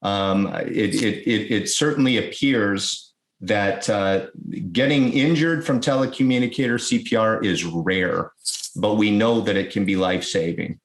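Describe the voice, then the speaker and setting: A man, an emergency-services chief, explaining things as a guest in a podcast interview, speaking in quick bursts with restarts. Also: lowish voice. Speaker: guest, EMS fire chief. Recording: roomy echo.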